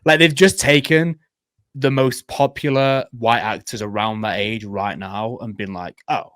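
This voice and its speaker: A man's voice: medium pitch, steady tone, measured pace, a bit bright, smooth, dry recording, clean studio sound. A man co-hosting a casual movie podcast. He gives blunt opinions and swears casually. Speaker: podcast co-host.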